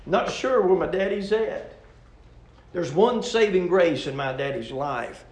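A man's voice: high-pitched, animated, a little slow, reverberant. Man preaching a heartfelt sermon. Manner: repetitive, emphatic preaching cadence. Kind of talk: sermon with personal story.

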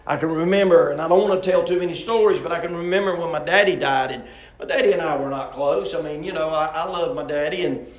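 A man's voice: a little high, fast, echoey room. A middle-aged man, preaching a sermon with a repetitive, emphatic cadence and personal stories.

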